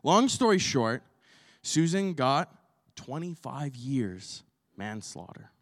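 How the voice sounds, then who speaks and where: A man's voice: mid-range voice, big pitch swings, slow, dry recording, clean studio sound, in a large hall. A man preaching a sermon as pastor, telling a story with energy and asking the congregation questions.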